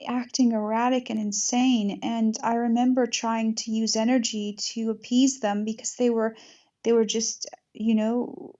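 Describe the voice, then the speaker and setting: A woman's voice: fairly high pitch, flat delivery, a little slow, mellow, dull audio. A woman hosting an interview, talking earnestly in long flowing runs in a casual spiritual conversation. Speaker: podcast host.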